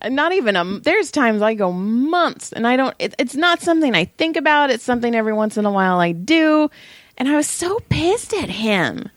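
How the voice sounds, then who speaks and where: A woman co-hosting a podcast, chatting casually and telling profane, animated stories. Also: on the high side, fairly quick, no room sound. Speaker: podcast co-host. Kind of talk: casual chat.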